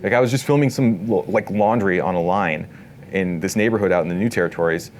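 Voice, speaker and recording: A man giving a casual live workshop talk to an audience in an event space, relaxed and talkative, full of filler words. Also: deep voice, fast talker, slight background noise. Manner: relaxed, talkative, many "like" and "you know" fillers.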